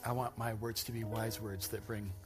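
A pastor preaching a sermon to a congregation, joking and self-deprecating with animated asides. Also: male voice, lowish voice, moderate pace. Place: church stage before a congregation. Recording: music playing behind the speaker.

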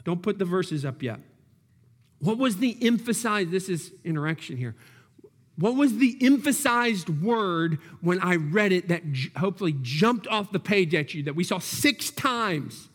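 A male pastor preaches in a church sanctuary, pressing his points through repeated words and direct questions. His voice sits high for a man. The sound carries a long hall reverb. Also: lively intonation, a little slow, fairly bright tone. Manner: emphatic, repeats key words, asks the congregation questions. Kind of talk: sermon.

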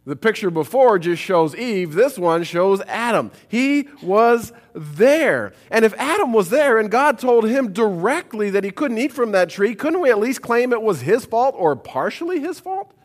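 A man preaching a sermon in a church, reading scripture aloud with expressive, conversational asides. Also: high-pitched, a little slow, hardly any pauses.

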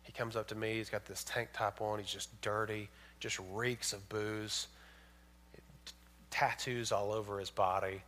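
A man preaching a sermon, swinging from loud emphatic points to hushed storytelling. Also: on the low side, flat delivery, a little slow. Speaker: pastor.

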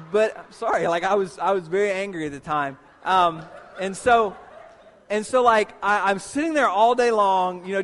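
A man's voice: high-pitched, fairly bright tone. A man preaching a sermon, telling a personal story animatedly and acting out his own reactions. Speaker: pastor. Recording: long reverb of a hall.

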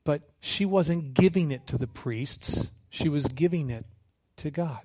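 A man preaching a sermon with a fairly high voice. He talks in an easy, humorous way and acts out little scenes as he tells them. His voice keeps lifting on the punchlines. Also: measured pace, slightly rough. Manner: conversational, humorous, animated storytelling with acted quotes. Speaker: missionary preacher.

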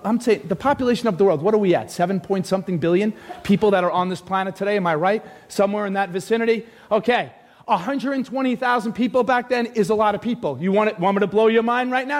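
A man preaching a lively sermon who often shouts, drops suddenly to a hush, and throws questions at the congregation. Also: high-pitched, quick pace. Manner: animated preaching, often shouting, sudden swings from loud to hushed; speaks to the congregation with direct questions. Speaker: pastor.

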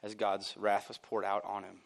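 A man preaching a sermon at a church service. His voice jumps high and loud on his points, then falls low and quiet. Between those points he drops in casual asides with a chuckle. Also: normal speed, gravelly. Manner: animated and emphatic, swinging from loud bursts to near-quiet. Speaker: pastor.

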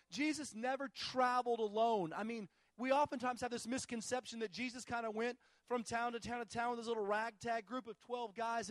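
Very high-voiced male pastor preaching. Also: dry recording. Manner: storytelling, emphatic repetition. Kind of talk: sermon.

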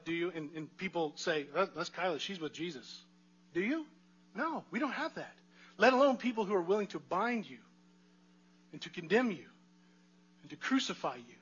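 A pastor preaches in an expressive, chatty style at normal speed, pausing often and putting rhetorical questions to the congregation. His high voice sounds bright, forward, and slightly rough, and the recording is a bit muffled and lo-fi.

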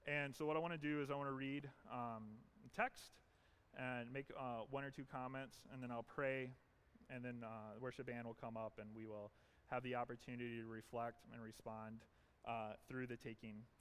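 Male pastor, mid-pitched voice, earnest emphatic sermon delivery. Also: flat delivery, normal speed, fairly bright tone, slight background noise. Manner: earnest, emphatic preaching with repetition. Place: church.

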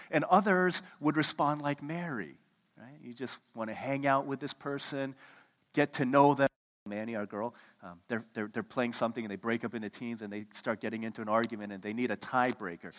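A pastor in his thirties preaching a sermon, telling stories with sudden loud bursts and hushed, slow moments. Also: medium pitch. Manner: animated storytelling, swings from loud to hushed. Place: church sanctuary. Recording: long reverb of a church hall.

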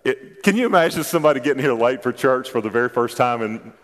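A man's voice: medium pitch, animated, fast talker, fairly bright tone. A man preaching a sermon as a pastor in a church, emphatic and repeating his words as he addresses the congregation directly. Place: church sanctuary. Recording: long reverb of a large church.

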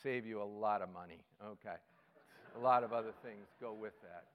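A male pastor giving a sermon, telling a story with sudden swings between loud and hushed delivery. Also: lowish voice, normal speed, dull audio. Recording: long hall reverb.

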